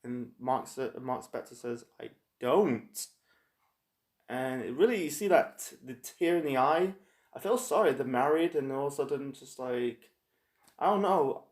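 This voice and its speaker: A man casually reviewing a TV episode, rambling and halting with lots of fillers and restarts. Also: mid-range voice. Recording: echoey room.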